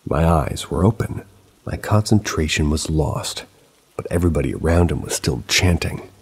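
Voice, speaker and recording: A man calmly narrating a true paranormal story in a steady storytelling manner. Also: a bass voice, moderate pace, slightly rough. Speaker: narrator of submitted paranormal stories.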